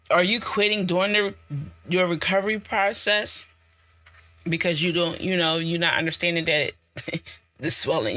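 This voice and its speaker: A woman podcast host giving a personal testimony in an animated, conversational way, talking straight to her listeners. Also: on the low side, no echo. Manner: animated, storytelling, acts out quoted dialogue; repetitive, conversational, addresses listeners directly.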